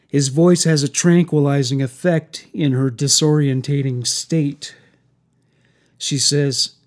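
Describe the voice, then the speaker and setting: A man narrating a dark horror story in a slow, even storytelling delivery. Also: mid-range voice.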